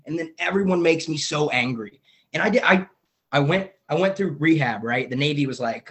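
A man's voice: fairly high pitch, animated, a little fast, fairly bright tone. A man candidly sharing his recovery story on a video call, rambling and self-mocking, swearing casually.

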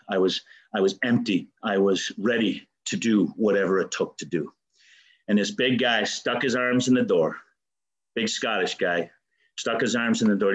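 A man's voice: lowish voice, low-quality recording. A man giving an earnest, emotional personal testimony at a recovery meeting. He often stammers and restarts his sentences and swears casually. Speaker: speaker sharing a recovery story.

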